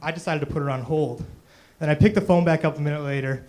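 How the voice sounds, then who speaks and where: A man's voice: fairly high pitch, fast talker, a little mellow. A young man doing a stand-up comedy set on stage, rambling and self-deprecating, full of "you know" and "um".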